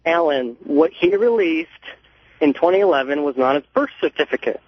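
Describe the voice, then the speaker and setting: A man calling in to a radio show over a muffled phone, talking haltingly with many fillers. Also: a little high, dry recording. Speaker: caller. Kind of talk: call-in radio talk. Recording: muffled cheap phone line.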